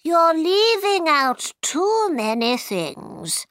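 A woman voicing a muddled, fretful old queen in a storybook, with a drawn-out, fussy delivery. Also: extremely high pitch, big pitch swings, a bit bright, no echo, pitched above the performer's own voice, heavily acted.

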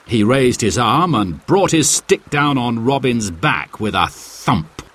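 A man reading a children's storybook aloud with slow, clear, expressive narration. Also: medium pitch.

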